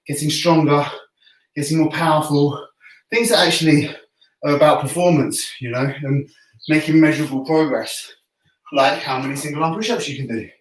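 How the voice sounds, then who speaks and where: A man's voice: a little high, far from the mic. A man leading a home workout class, chatty and joking, out of breath between sets. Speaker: fitness coach. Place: room at home. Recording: echoey room, voice from off-mic.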